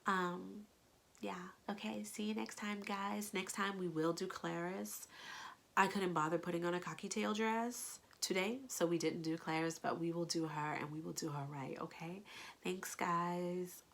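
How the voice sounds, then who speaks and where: A woman's voice: fairly low pitch, steady tone, unhurried, creaky, a bit bright, a little hiss or hum. A woman with a nasal voice reading a picture book aloud and breaking off for playful, gushing asides. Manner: playful, gushing asides between read lines.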